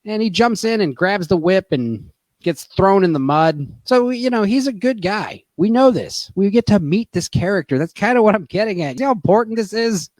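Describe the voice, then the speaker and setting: A man's voice: high-pitched, animated, moderate pace, a little mellow, no echo. A young man casually recapping a movie on a stream, rambling and profane with lots of fillers. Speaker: podcast host.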